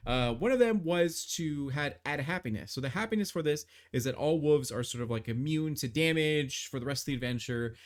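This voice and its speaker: A man's voice: on the high side, brisk, few pauses. A man narrating as game master of a tabletop game on a live stream, rambling with many fillers and restarts.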